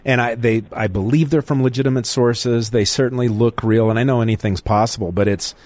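A man's voice: mid-range voice, steady tone, a little fast, a little mellow, no room sound. A man hosting a talk radio call-in show, talking bluntly and with indignation to his callers. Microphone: studio microphone.

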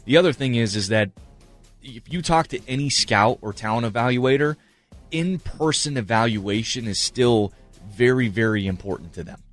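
A man's voice: medium pitch, lively intonation, moderate pace, faint music behind. A man co-hosting a sports talk show, giving earnest, emphatic analysis and repeating his points for stress. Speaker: sports radio co-host.

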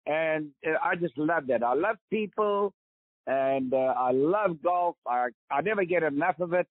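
A man's voice: on the high side, expressive, a little slow, no room sound. Emphatic older South African man on a phone line. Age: 80s. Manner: emphatic, preaching. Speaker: guest, veteran golfer. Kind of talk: phone interview. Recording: tinny phone line, dry.

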